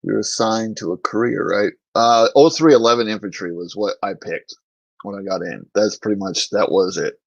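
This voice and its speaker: A man with a lowish voice tells stories on a casual podcast, swearing freely and laughing along. He talks like a former infantryman swapping barracks tales, and the sound is close and dry. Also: moderate pace, vocal fry, no room sound, dull audio. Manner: profane, laughs through his stories. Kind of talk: casual storytelling chat.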